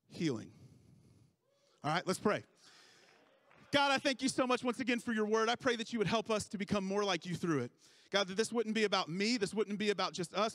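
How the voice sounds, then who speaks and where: Pastor, man, 30s, high voice, dry close sound, playful self-mocking storyteller. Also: a bit bright, no echo. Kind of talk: sermon.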